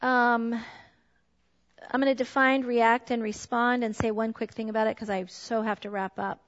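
Mom talking to parents, kinda high voice, long echo, dull muffled sound. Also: female voice, level tone, moderate pace. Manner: conversational, candid, with a personal story. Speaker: speaker on parenting. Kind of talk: talk to a group of parents. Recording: dull sound in a large reverberant hall.

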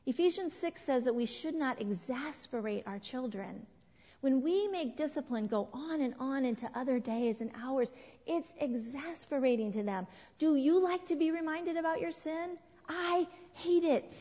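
A middle-aged woman with a high voice leads a church parenting class, speaking animatedly, asking the group questions and acting out what people said. The sound is dull and lo-fi, with long hall reverb.

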